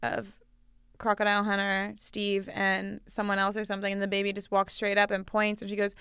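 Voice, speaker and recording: A woman's voice: mid-range voice, monotone, bright, forceful tone, smooth, dry recording, clean studio sound. A woman on a podcast as a guest, chatting casually and gushing with lots of giggles. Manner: giggly, gushing, quick asides. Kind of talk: casual chat.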